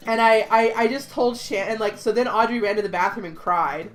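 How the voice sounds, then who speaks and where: A woman telling a story in casual chat, animated, swearing freely and acting out what people said. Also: fairly high pitch, normal speed, hardly any pauses, soft background music. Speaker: podcast host.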